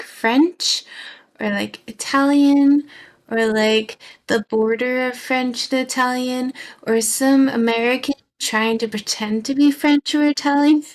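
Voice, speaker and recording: Young British woman streamer, casual chat, soft and slow, drifts into whispers. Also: high voice.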